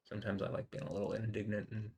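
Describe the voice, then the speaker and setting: A man's voice: on the low side, monotone, racing, a little mellow, breathy edge. A man rambling in an indignant solo commentary, full of filler words and restarts. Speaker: video host.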